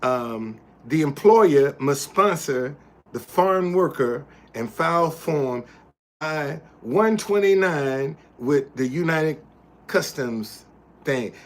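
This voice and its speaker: A man's voice: fairly high pitch, lively intonation, slow. Heated man scolding a chat. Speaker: livestream host. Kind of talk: casual livestream talk.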